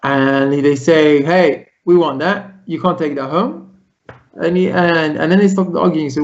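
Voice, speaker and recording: A man's voice: a little high, normal speed, muffled recording. A man, a rabbi, telling a Torah story to his congregation over a video call, acting out the characters' lines as he goes. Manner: animated retelling, voicing characters' lines.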